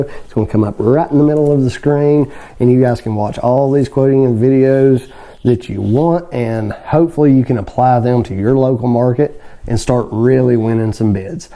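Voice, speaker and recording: A man who runs a construction business, walking through how to price a gravel driveway and culvert job in a plainspoken, folksy way. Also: mid-range voice, warm tone. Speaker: construction business owner teaching bidding. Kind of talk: instructional video talk.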